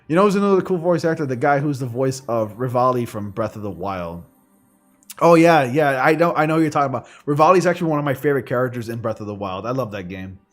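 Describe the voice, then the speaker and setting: A male streamer talks casually while playing, rambling from thought to thought with plenty of fillers. His voice sits in an ordinary middle pitch, picked up by a studio microphone. Soft game music plays faintly underneath. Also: expressive, fast talker. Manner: rambling, filler-heavy, chatty. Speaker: gaming livestream host. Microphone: studio condenser microphone.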